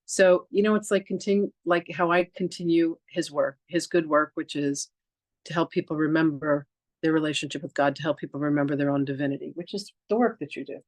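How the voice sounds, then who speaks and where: A woman podcast host, also a reverend, chats casually through a personal story and acts out what people said. She speaks fairly quickly in a low voice, with no room sound, scattering "like" and restarts throughout.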